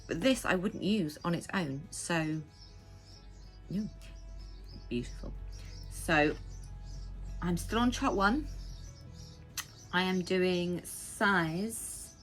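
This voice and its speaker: An English woman chatting casually as the host of a knitting podcast, rambling with quick asides. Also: fairly low pitch, a bit bright, faint music behind. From England. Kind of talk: casual chat. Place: home.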